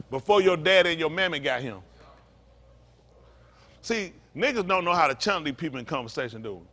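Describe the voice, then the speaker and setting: A man's voice: fairly high pitch, expressive, brisk, long pauses, sharp tone. A man preaching to a congregation in a fiery, emphatic way, repeating his points and throwing in mocking asides. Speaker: pastor.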